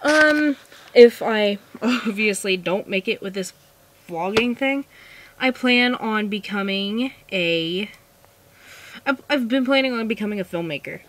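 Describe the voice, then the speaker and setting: A seventeen-year-old girl chats through viewer questions in a casual vlog. She sounds nervous and giggly, rambling and restarting her sentences often. Her voice sits at an ordinary middle pitch for a young woman. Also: a little slow, background noise. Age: teens. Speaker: vlogger.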